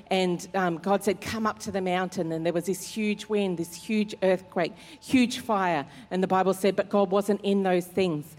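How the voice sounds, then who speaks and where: A woman's voice: medium pitch, darkish tone. A woman pastor, preaching a sermon in an earnest, conversational way with fillers. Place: church service hall. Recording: long hall reverb in church.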